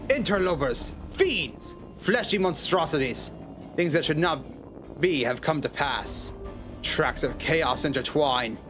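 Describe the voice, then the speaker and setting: A man's voice: a little high, lively intonation, slow pace, over music. A man voicing a gloomy doppelganger agent in a game, making grave, melodramatic pronouncements. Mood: ominous.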